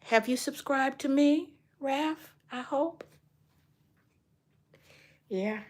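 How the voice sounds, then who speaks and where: An older woman, a grandmother and art instructor, chatting casually on a livestream, talking to viewers by name and retelling stories with lively energy. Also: high voice, drawn-out words.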